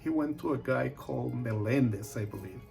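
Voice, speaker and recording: A man, a real estate agent, telling a personal story in an animated way and acting out the voices of its people. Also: medium pitch, moderate pace, creaky, faint music behind.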